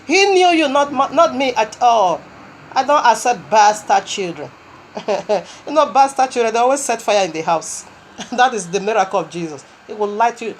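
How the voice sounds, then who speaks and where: A woman with a slightly high voice preaches an animated sermon. She reads scripture slowly, then bursts into quick runs of speaking in tongues and laughs often. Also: a little hiss or hum.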